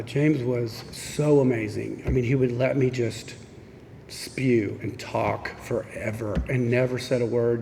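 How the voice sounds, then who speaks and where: A man from Missouri shares his story at a group meeting in a frank, self-deprecating way, acting out the voices of the people he talks about. His voice sits at an ordinary middle pitch. The sound rings out in a reverberant hall with a faint hiss underneath. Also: vocal fry, a little mellow. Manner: candid, self-mocking storytelling that acts out quoted exchanges. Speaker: speaker at a recovery meeting. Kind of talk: personal recovery story told to a meeting. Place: meeting room. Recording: echoey hall with faint background noise.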